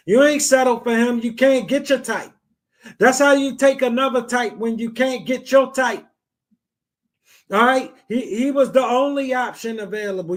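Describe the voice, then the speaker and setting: Male podcast host, very high-pitched, blunt and repetitive. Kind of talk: blunt advice talk.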